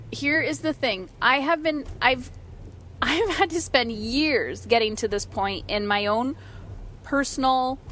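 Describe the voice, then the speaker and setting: A woman in her thirties hosting a solo podcast, telling a candid, animated story about family life and acting out the voices she quotes. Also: a little high, slight background noise. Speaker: podcast host.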